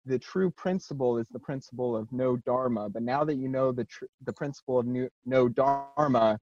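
A man chatting casually as a co-host, animated and laughing often as he acts out quotes. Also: mid-range voice, moderate pace, no echo. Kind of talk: casual discussion. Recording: dry, dull lo-fi sound.

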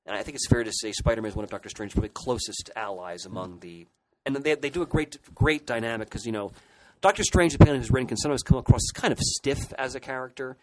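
A man's voice: medium pitch, fast talker, hardly any pauses, background noise. A man co-hosting a podcast, chatting enthusiastically about comic book history with frequent restarts. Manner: enthusiastic, hesitant restarts and fillers. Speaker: podcast co-host. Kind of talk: casual podcast discussion.

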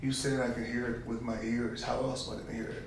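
A man's voice: medium pitch, level tone, fast talker, soft background music. A man co-hosting a casual podcast chat, blunt and teasing, swearing freely, talking into a studio mic while wearing headphones. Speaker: podcast co-host. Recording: echoey room with faint noise.

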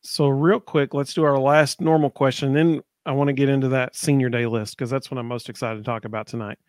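A man's voice: medium pitch, fairly even intonation, fairly quick, a little mellow, no echo, clean studio sound. A man hosting a sports podcast in casual chat, upbeat and reading viewer comments aloud. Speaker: podcast host.

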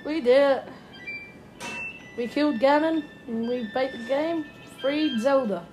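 A young woman hosting a gaming podcast, giving gushing commentary and repeating her excited exclamations. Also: high voice, a little slow, music in the background. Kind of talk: game commentary.

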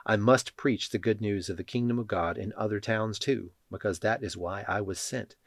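A man voicing Jesus as a calm, firm male teacher in a Bible reading. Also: lowish voice, normal speed, no echo, clean studio sound.

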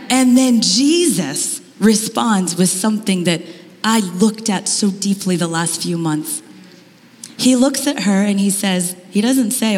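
A woman giving a sermon at a conference, telling stories in an animated way with rising, emphatic questions. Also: mid-range voice, measured pace. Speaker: conference speaker. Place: conference hall. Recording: long hall reverb.

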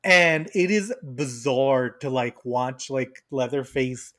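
A man's voice: medium pitch, slow, a bit bright. A man co-hosting a podcast, casually and animatedly retelling movie scenes and laughing as he goes. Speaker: podcast co-host. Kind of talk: casual chat.

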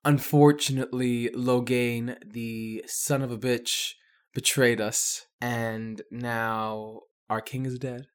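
A co-host of a casual gameplay commentary podcast, recapping in a dry, drawn-out deadpan. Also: medium pitch, clean tone.

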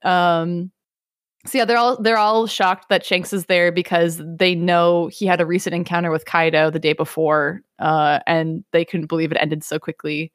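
A woman recapping an anime in casual podcast chat, rambling and animated with lots of fillers. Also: fairly low pitch, moderate pace, dry recording, clean studio sound. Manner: rambling, animated, many fillers, laughs easily.

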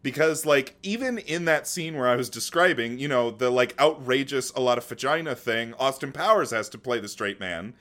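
A man's voice: medium pitch, expressive, normal speed, hardly any pauses, fairly bright tone. A man co-hosting a casual movie podcast, eagerly chiming in with enthusiastic comments. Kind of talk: casual movie-discussion chat.

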